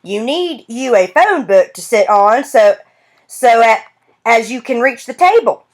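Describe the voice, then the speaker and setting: A folksy old grandfather teases in a drawling country voice, as a woman narrator puts him on. The voice sits above her reading voice and swings widely in pitch. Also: lively intonation, unhurried. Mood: teasing. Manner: drawling, teasing, country grammar.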